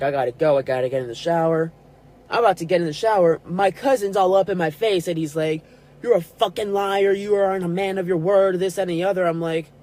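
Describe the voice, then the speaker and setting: A man in his twenties hosts a podcast, telling a personal story in an animated way and acting out the arguments he quotes. His voice is fairly high-pitched. The recording is low quality, with slight background noise.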